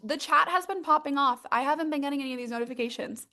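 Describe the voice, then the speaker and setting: A young woman runs a live-streamed coaching session and sits a little high in her register. She sounds bubbly and excitable, and "like" runs all through her speech. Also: fast talker, hardly any pauses. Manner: bubbly and excitable, heavy use of "like". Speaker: manifestation and mindset coach.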